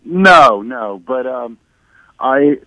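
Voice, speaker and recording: Male caller, hesitant and halting, heard through a tinny phone line with a dry sound. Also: mid-range voice, animated, no room sound. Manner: hesitant, halting, many fillers. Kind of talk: phone-in call.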